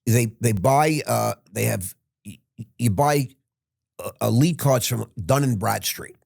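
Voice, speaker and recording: An older man, a podcast guest, telling stories in a rambling way with halting restarts. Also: medium pitch, gravelly, darkish tone, dry recording, studio quality. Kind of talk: casual storytelling.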